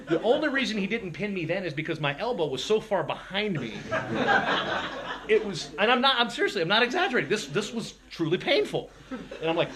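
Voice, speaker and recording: A man telling self-deprecating stories to an audience in an animated, lively speaking style. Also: fairly high pitch. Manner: animated, self-deprecating, jumps into voices for quotes. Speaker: motivational speaker. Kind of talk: storytelling speech to an audience.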